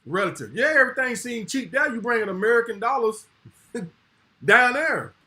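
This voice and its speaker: A man's voice: very high-pitched, lively intonation, moderate pace, bright, forceful tone. A middle-aged man in casual podcast chat, laid-back and blunt, heavy on slang. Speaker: podcast co-host.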